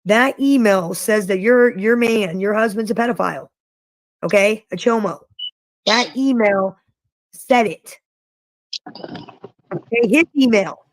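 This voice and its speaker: A woman's voice: mid-range voice, slow, pauses often, dry recording, rough recording. A woman talking mockingly and profanely in a played clip.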